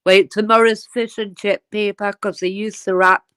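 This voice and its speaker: A woman's voice: mid-range voice, little pitch movement, normal speed, a bit bright, clean tone. A British woman from the UK, a guest on a livestream, chatting in a friendly way. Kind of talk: casual chat.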